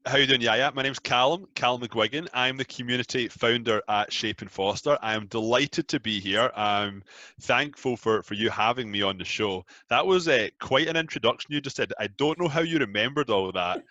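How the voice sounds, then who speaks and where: Scottish man, thirties, bright low voice, relaxed talkative guest, dry close sound. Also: brisk, dry recording, dull audio. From Scotland. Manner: chatty, self-deprecating, laughs easily. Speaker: guest, app founder. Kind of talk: casual interview chat.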